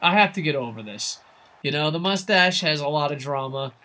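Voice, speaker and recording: Brief: man, live game streamer, high and bright voice, rambling and profane banter with chat. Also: a little fast. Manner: excitable, rambling, swears a lot, self-mocking. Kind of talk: casual live-stream chat while gaming.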